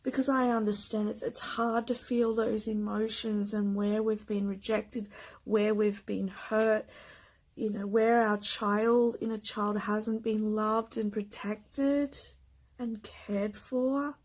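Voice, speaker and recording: A woman reads spiritual cards in a gentle, emotional way, sometimes slipping into a whisper. Her voice is husky with a gravelly edge, and she takes her time over every phrase. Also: mid-range voice, level tone, low-quality recording. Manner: gentle, emotional, slow with soft whispered asides. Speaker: tarot card reader. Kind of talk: spiritual card reading.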